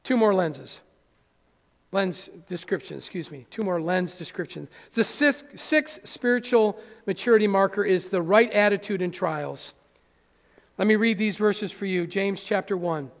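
Male pastor, sermon, gravelly voice, animated, echo of a church hall. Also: high voice, measured pace. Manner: animated, acts out little scenes. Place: church sanctuary.

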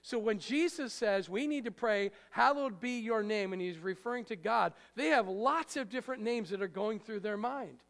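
A man preaching a sermon in a conversational way, joking with the congregation and hitting words with sudden loud emphasis. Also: sits high, moderate pace, hardly any pauses. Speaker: pastor. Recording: long hall reverb.

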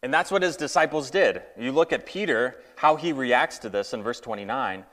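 A man's voice: mid-range voice, lively intonation, normal speed, a bit bright. Casual male preacher in a reverberant hall. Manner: conversational, many fillers, acts out quotes. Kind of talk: casual sermon.

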